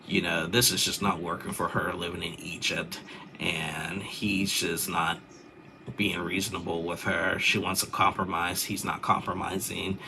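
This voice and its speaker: A man's voice: low voice, little pitch movement, a little slow, vocal fry, background noise. A young man chatting casually as he recaps a reality show, rambling with lots of fillers and restarts.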